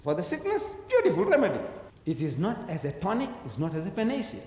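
Speaking at a quick pace, this religious lecturer delivers a public talk on religion in a fairly high, swooping, energetic voice. Rhetorical questions drive his arguments, and he acts out characters' voices in his stories. A long hall reverb makes everything sound echoey.

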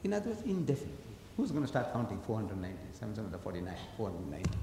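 A man's voice: fairly low pitch, big pitch swings, racing, vocal fry, mellow, slight background noise. A man giving a public lecture on religion, emphatic and full of rhetorical questions, acting out the voices in his stories. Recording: echoey hall reverb.

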